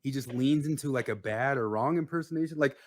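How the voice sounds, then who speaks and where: A man's voice: medium pitch, fast talker. A man co-hosting a casual podcast chat, animatedly riffing on comedy ideas. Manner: animated, riffs on comedy bits. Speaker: podcast co-host.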